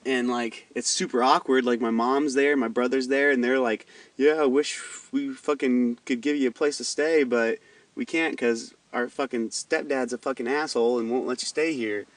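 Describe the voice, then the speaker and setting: A young man vents a long personal story in a loose, profane, heated ramble. His voice sits at a middling pitch. It sounds dry and a little distant from the microphone. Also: fairly even intonation, normal speed, no room sound. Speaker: vlogger. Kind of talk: casual storytelling rant.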